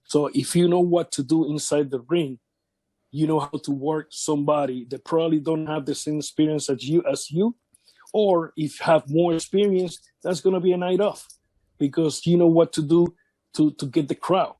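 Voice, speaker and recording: Man with a high voice telling wrestling stories. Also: steady tone, warm tone, no room sound. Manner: halting, repeats words, acts out quotes of others. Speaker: wrestling veteran interviewee. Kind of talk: casual shoot interview storytelling.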